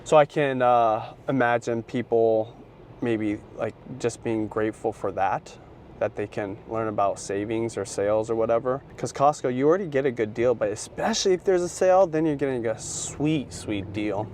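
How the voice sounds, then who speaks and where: A laid-back, middle-aged man talks to his camera in a casual vlog, his voice sitting at an ordinary pitch and slipping into easy slang. A faint hum of background noise runs under him. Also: moderate pace, darkish tone. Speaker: vlogger.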